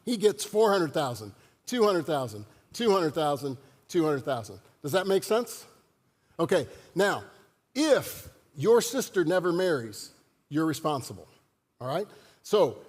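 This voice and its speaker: A man's voice: high-pitched, darkish tone. A man preaching a sermon as pastor, in a conversational style and joking with the congregation. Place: church sanctuary. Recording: long church hall reverb.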